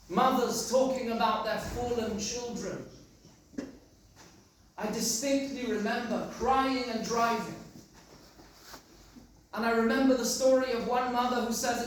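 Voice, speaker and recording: A rabbi preaches from a distance, his voice ringing through a very reverberant synagogue. He tells stories with emphatic, reflective pacing. A faint noise sits under the recording. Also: very high-pitched. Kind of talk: sermon. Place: large synagogue hall. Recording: echoey synagogue from far off.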